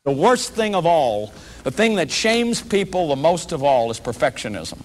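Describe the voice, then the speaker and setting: Earnest man lecturing, slightly high voice. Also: very animated, moderate pace, faint music behind. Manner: earnest, repeats words, talks straight to the audience with "you see". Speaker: lecturer on shame and recovery. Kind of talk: public lecture.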